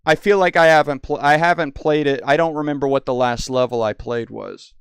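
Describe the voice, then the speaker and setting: A man giving rambling, excitable commentary while playing a horror game. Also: a little high, a little fast, clear, resonant tone, dry recording, clean studio sound. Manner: rambling, excitable, full of restarts. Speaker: gaming video host. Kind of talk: casual gameplay commentary.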